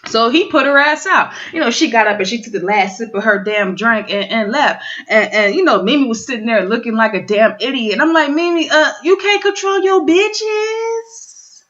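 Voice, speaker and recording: A woman's voice: on the high side, animated, a little fast, hardly any pauses, fairly bright tone, dull audio. A woman giving a casual, profane recap of a reality show, bluntly acting out the cast's lines. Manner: blunt, profane, dramatic quoting of cast members.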